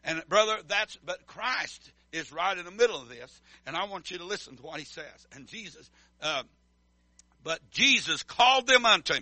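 A man's voice: sits high, expressive, moderate pace, sharp tone, dry recording. A middle-aged man preaching a sermon as pastor, calling for responses from the congregation. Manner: emphatic call-and-response preaching.

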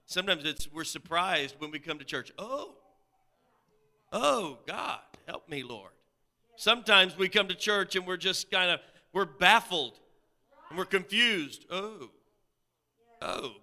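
A man preaching with a very bright, crisp voice pitched fairly high for a man. He reads scripture, says amen again and again, and climbs from soft talk to loud cries. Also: normal speed. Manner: builds from quiet talk to loud shouted pleading; repeats amen often. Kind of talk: sermon.

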